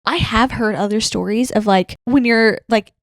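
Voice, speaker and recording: A woman's voice: on the high side, normal speed, dry recording, clean studio sound. A woman co-hosting a paranormal podcast, reading listener stories aloud and chatting casually, often giggling. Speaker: podcast co-host.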